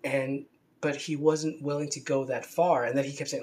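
A man's voice: on the high side, fairly even intonation, brisk. A man talking in a rambling, unscripted monologue, with many restarts and fillers and a scornful edge. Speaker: commentator on religion.

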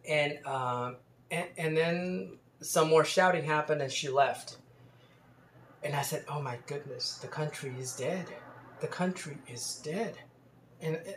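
A man's voice: fairly high pitch, a little hiss or hum. Man rambling through a story, roomy echo. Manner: rambling, many restarts and fillers. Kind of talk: casual storytelling monologue.

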